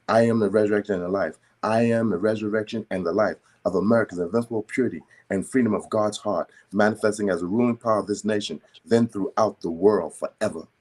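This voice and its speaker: Deep-voiced man slowly reciting decrees. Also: darkish tone. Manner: slow, deliberate, emphatic recitation with stammered starts. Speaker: prayer circle participant.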